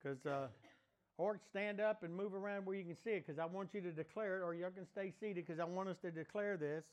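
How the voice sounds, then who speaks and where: High-voiced preacher, emphatic. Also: male voice, a little fast. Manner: emphatic, exhorting, leads the congregation in repeated declarations. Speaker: pastor. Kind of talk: sermon with call-and-response declarations. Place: church sanctuary, also streamed online.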